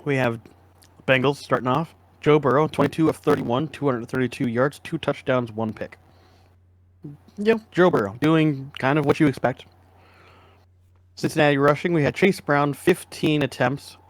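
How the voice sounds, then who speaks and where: A man co-hosting a casual sports podcast, relaxed and agreeable, humming as he thinks aloud. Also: a little high, no echo. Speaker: podcast co-host.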